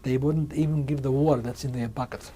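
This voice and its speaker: A man in his sixties giving a measured oral history testimony in an interview, often restarting and repeating words as he speaks. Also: mid-range voice, steady tone, warm tone, a little hiss or hum. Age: 60s. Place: museum interview room.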